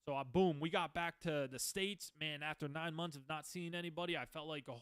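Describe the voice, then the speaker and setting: A man's voice: on the high side, steady tone, a little fast, fairly bright tone, clear, resonant tone, dry recording. A man in his twenties, a podcast host, telling his own stories in a loose, rambling way, swearing often and restarting his sentences. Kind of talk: casual storytelling monologue.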